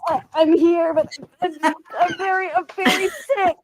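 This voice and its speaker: A woman's voice: very high-pitched, fairly even intonation, noisy background. Woman doing a weepy, sickly whiner. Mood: pitiful whining. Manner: whiny, sniffling, halting. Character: sickly self-pitying woman defendant, weepy. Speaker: guest.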